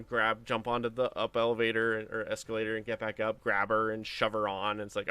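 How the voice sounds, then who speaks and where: A man streaming a game, telling family stories in a casual, lively way and acting out the voices of the people in them. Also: fairly low pitch, fast talker, hardly any pauses, clean tone, no echo. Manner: animated anecdote telling with acted-out quotes. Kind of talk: casual storytelling while playing a game.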